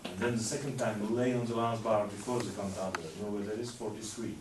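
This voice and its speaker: A man's voice: on the low side, steady tone, fast, background noise. Man coaching a quartet in an echoey room. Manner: coaching with short instructions and praise. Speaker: music teacher. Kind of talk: master class coaching. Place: rehearsal room with a string quartet. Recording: roomy, distant, loud instruments.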